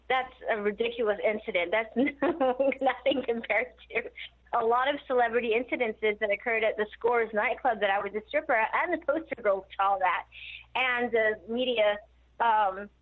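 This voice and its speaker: Giggly woman guest telling wild stories, higher voice, sounds like a phone call. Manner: giggly and animated, laughs often. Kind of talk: casual interview storytelling. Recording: tinny phone line.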